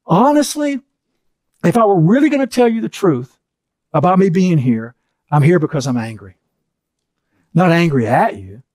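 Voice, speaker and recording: An earnest middle-aged man teaching, his voice rising and falling in wide swings as he hammers phrases through repetition. He sits a little high for a man and sounds close and dry, with no room behind him. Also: darkish tone, dry recording. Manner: earnest, repeats phrases for emphasis. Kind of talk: teaching session.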